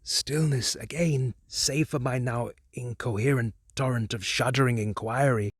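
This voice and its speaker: A man narrating a horror audiobook in a measured, hushed, dramatic way. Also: mid-range voice, steady tone, husky, no room sound, studio quality.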